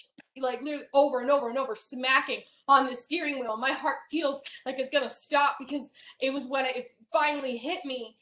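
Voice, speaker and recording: A young woman telling a painful personal story in a halting way, with many fillers and restarts. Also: sits high, bright, forceful tone. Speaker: hypnosis client. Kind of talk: emotional personal account. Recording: roomy echo.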